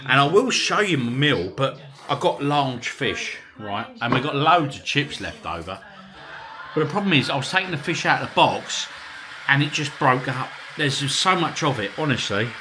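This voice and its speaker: A man's voice: mid-range voice, big pitch swings, moderate pace, background noise. A man vlogging casually to camera, jokey and chatty, talking straight to his viewers. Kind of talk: casual vlog talk to camera. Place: outdoors on a town street and in a pub.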